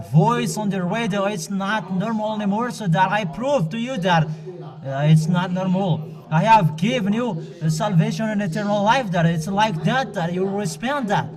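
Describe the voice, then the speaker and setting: A man delivers a sermon in a high voice at an unhurried pace. He speaks haltingly, pausing and restarting often as he admonishes his listeners directly. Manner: halting, with frequent pauses and restarts. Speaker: preacher.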